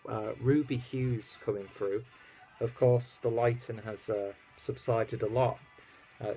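A man's voice: mid-range voice, a little mellow. A man from the UK, casually reviewing a beer in a rambling, easygoing way full of fillers. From United Kingdom. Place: at home in Germany.

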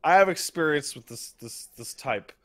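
A man's voice: fairly high pitch, animated, moderate pace, a bit bright. A man co-hosting a casual gaming podcast, teasing his co-host with crude jokes.

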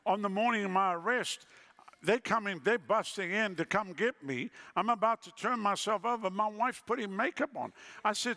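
A middle-aged man preaching as an evangelist, telling a story and acting out the dialogue with sudden jumps in pitch. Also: moderate pace, bright, forceful tone. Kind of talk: sermon storytelling.

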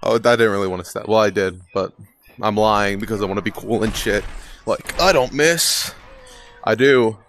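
A man's voice: on the low side, little pitch movement, fast talker, a bit bright, a little hiss or hum. A young man giving casual, rambling gameplay commentary, swearing casually and poking fun at himself. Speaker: gaming video creator.

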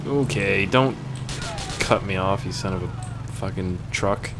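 A man commenting on his gameplay in a loose, rambling way, full of crude jokes. His voice sits low. Steady game noise runs underneath. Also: a little slow, vocal fry. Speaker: gaming YouTuber.

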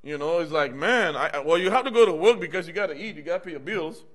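A man's voice: on the high side, expressive, fast, fairly bright tone. A middle-aged male minister preaching in a church, conversational, often calling out "amen" and "y'all" to the congregation. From United States. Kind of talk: personal testimony sermon.

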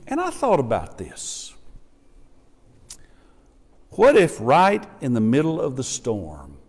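A middle-aged man preaching a sermon in a church, lively and acting out the voices of the people he quotes. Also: medium pitch, slow, slightly rough. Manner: animated, acts out quoted voices. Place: church sanctuary. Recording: reverberant church hall.

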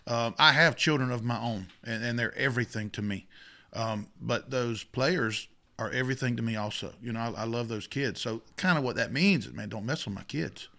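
A man's voice: mid-range voice, moderate pace, vocal fry. A middle-aged man, a youth football coach, telling a story in casual chat, with lots of repeated starts. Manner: animated, self-interrupting with repeats.

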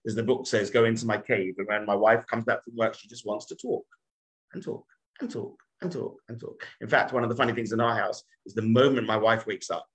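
A man's voice: on the low side, steady tone, brisk, poor audio. An English man in his forties, a rabbi giving a humorous storytelling lesson in a chatty, self-mocking way. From England.

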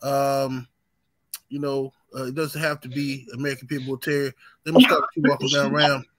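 A man's voice: mid-range voice, little pitch movement, brisk, a bit bright, dry recording, rough recording. A man hosting a casual talk show, reading out questions and calling on guests in a laid-back way. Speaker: host.

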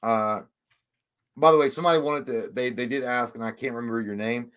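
A man's voice: mid-range voice, fairly quick, fairly bright tone. A man hosting a casual livestream, rambling and swearing, easily frustrated. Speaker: livestream host.

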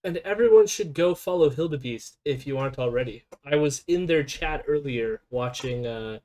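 A chatty streamer reacting to a clip, rambling along with plenty of fillers. The voice swings lively up and down around a middle pitch. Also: moderate pace. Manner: rambling, chatty, laughs often. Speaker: stream host. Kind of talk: casual reaction chat.

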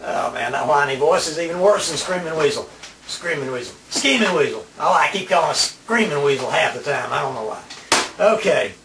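A man's voice: a little high, lively intonation, fairly quick, vocal fry, reverberant, far from the mic, background noise. A man playing a radio DJ in a comedy sketch, grumbling, exasperated and sarcastic.

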